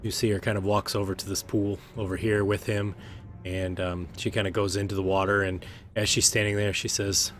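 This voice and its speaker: Low-voiced man narrating as game master. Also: fairly quick, soft background music. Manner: relaxed, hesitant with many fillers.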